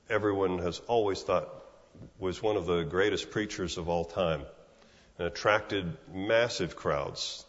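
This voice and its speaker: A man's voice: low voice, in a large hall, muffled recording. A man preaching a sermon in a conversational way, often repeating words and asking "right?". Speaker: pastor.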